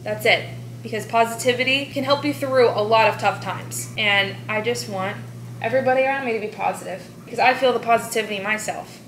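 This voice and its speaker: A chatty, upbeat woman talks straight to camera for her vlog, earnest and encouraging. Her voice is bright and sits a little high. The recording has a noticeable echo and a faint hiss underneath. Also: brisk. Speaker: vlogger and bodybuilding competitor. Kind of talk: casual vlog talk to camera. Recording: echoey room.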